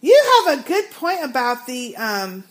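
A woman's voice: high-pitched, huge pitch swings, measured pace. A woman co-hosting a podcast, playful and laughing often as she reads out listener emails. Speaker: podcast co-host. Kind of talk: casual chat.

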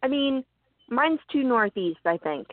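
A woman's voice: high-pitched, big pitch swings, unhurried, no room sound. A woman from southeastern Pennsylvania with its accent, co-hosting a chatty, giggly conversation. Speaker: co-host. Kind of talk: casual chat. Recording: tinny phone-like call audio, dry.

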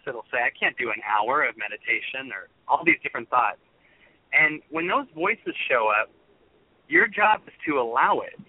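A man calls in as a guest on a radio interview, speaking earnestly and at length about meditation and love in a rambling, spiritual way. His voice is mid-range, and the recording is dry, coming through a tinny phone line.

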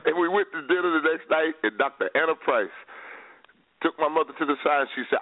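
A man's voice: mid-range voice, a little fast. A man from Central Florida talking football as a radio guest, emphatic and full of stories and teasing. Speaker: guest, former pro football player. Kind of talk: lively radio talk. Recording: dry phone-line audio.

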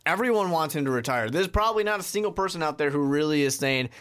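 A man's voice: on the high side, expressive, a bit bright. Blunt, opinionated male podcast co-host. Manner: blunt, opinionated, quick jokey asides. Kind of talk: casual sports podcast chat.

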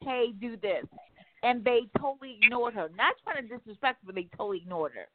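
A woman radio talk host speaking in a casual, animated, emphatic way, often cursing and acting out quotes. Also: on the high side, fast. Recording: tinny phone-like line, dry.

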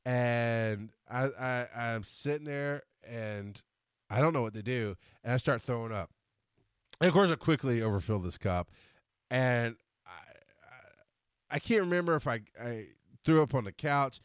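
A man hosting a podcast, telling a story in a casual monologue, animated and quick to laugh as he acts out scenes. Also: mid-range voice, smooth, no echo, studio quality. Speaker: podcast host.

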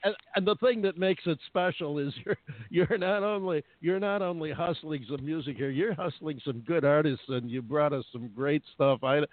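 A man's voice: on the high side, normal speed, dry recording. A man hosting a radio talk show, chatty and jokey, laughing often as he talks. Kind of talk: casual radio chat. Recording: phone-like narrow sound.

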